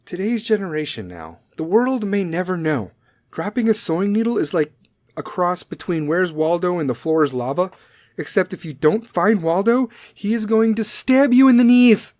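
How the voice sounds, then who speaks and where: A man's voice: sits high, big pitch swings, normal speed, darkish tone, dry recording, clean studio sound. A man in his forties hosting a solo comedic podcast, swearing constantly as he rambles in a sarcastic rant. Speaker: podcast host.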